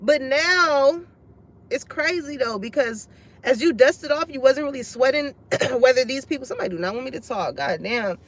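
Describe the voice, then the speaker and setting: Blunt, high-voiced woman reader. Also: expressive, moderate pace, poor audio. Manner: blunt, profane, laughs often, acts out others' lines. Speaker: tarot reader. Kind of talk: casual spoken reading to viewers.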